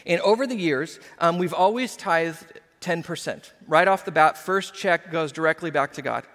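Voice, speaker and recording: A male pastor preaching a sermon in an animated, emphatic way with conversational asides. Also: on the high side, moderate pace, big-room sound.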